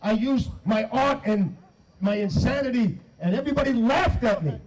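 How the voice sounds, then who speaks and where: A man giving a shouted, emphatic and profane speech to a crowd at an outdoor protest. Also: very high voice, lively intonation, moderate pace, low-quality recording. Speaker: protest speaker. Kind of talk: rally speech.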